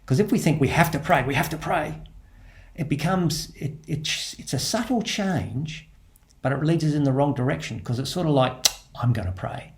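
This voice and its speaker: With a slightly high, animated voice at a moderate pace, this Australian priest gives a soft reflection on prayer. He repeats important phrases and starts over as he works through his thoughts aloud.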